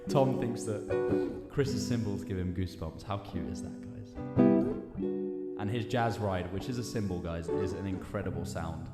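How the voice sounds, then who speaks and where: A man's voice: low-pitched, normal speed, loud music behind the voice. A male band singer hosting a casual live stream, reading viewer comments aloud in a chatty, upbeat way and laughing often.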